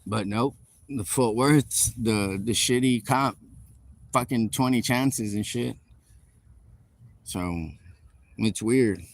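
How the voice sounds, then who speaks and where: A man's voice: medium pitch, takes it slowly, long pauses. Heated, profane man ranting on a livestream. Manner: heated, profane, rambling storytelling. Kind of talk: live stream rant. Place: outdoors on a city street.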